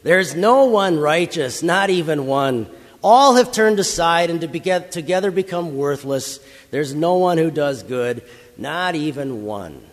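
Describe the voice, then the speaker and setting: A man voicing a cruel, furious male slave master who screams slow, drawn-out commands. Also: on the high side, lively intonation. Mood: mocking. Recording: long hall reverb.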